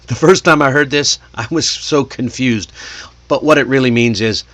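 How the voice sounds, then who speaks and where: An American man giving a casual English lesson, chatty and lively, often laughing and putting questions to the viewer. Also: mid-range voice, moderate pace. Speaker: English teacher.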